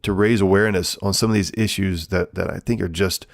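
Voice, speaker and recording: Man, podcast host, deep voice, gravelly, dry close sound, rambling casual talk. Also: steady tone, brisk, dry recording. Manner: casual, rambling, many fillers and restarts. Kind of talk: solo podcast monologue.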